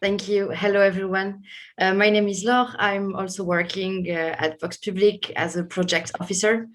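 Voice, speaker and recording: A woman's voice: mid-range voice, level tone, normal speed. A woman speaking as a project officer in an online panel, briefly and politely.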